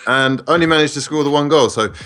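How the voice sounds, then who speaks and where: A man chatting over a voice call, recounting his football game results in a steady way. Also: on the high side, quick pace, faint music behind. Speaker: guest on call. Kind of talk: casual chat over a voice call.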